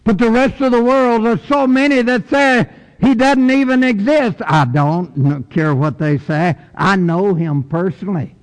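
A middle-aged man preaching a sermon emphatically, rising loud and dropping soft. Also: high voice, measured pace. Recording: long church reverb.

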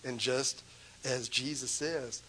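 A man's voice: mid-range voice, fairly even intonation, slow, pushed and bright, slight background noise, low-quality recording. A man preaching a sermon in an impassioned, emphatic way, pressing his points with rhetorical questions.

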